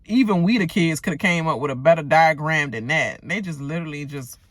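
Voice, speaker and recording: A woman giving a casual, profane, animated rant recapping a reality TV episode, with joking asides. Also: low-pitched, fairly quick, no room sound. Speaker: TV recap vlogger.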